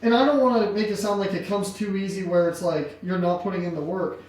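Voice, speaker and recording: A man's voice: high voice, fairly even intonation, fast, a little mellow. A man hosting a podcast, asking long, hedging questions in a casual way. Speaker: podcast host. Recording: echoey room, distant mic, faint noise.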